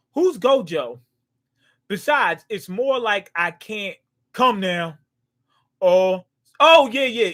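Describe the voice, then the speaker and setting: A man with a high, bright-pitched voice reacts live as he reads a comic aloud. He is excitable, bursts out at big moments and trips over hard names as he goes. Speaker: manga reaction host.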